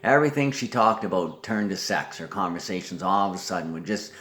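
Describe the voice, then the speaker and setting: Lower-voiced man rambling and swearing. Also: fairly quick, fairly bright tone. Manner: rambling, profane, jumps between topics; talks to absent relatives as if present. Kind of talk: rambling spoken monologue.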